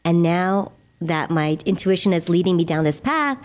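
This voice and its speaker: A middle-aged woman guest, a laughter yoga leader, speaking in an earnest, gentle, reflective way in a conversational interview. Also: on the low side, expressive, moderate pace. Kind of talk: conversational interview, guided exercise.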